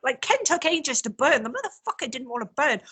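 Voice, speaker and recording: A woman chatting casually on a video call, telling lively stories and swearing freely. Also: high voice, brisk, rough recording. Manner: animated storytelling, swears freely. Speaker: co-host.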